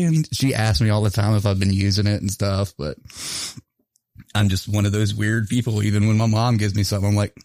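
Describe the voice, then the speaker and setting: A man's voice: lowish voice, steady tone, a little fast, darkish tone, no echo. A man hosting a casual talk show, laughing often and swearing casually, with stories and a store plug. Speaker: podcast host. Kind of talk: casual chat with ad read.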